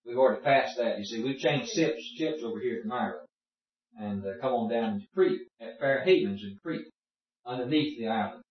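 A man of medium pitch and normal speed teaches a relaxed Bible study, breaking off his folksy explanations to question the students. He's far from the microphone, the room is very reverberant, and the whole recording sounds muffled.

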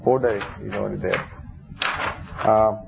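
His voice is on the low side, steady and creaky, and his pace measured. The man preaches through conversational storytelling that occasionally swells into emphatic outbursts, captured on a dull lo-fi recording with faint background noise.

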